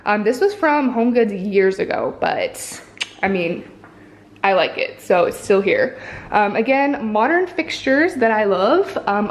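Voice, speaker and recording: A woman's voice: fairly high pitch, a little hiss or hum. A young woman vlogging a casual apartment tour, chatty and upbeat, filming on a handheld camera as she walks through her rooms at home.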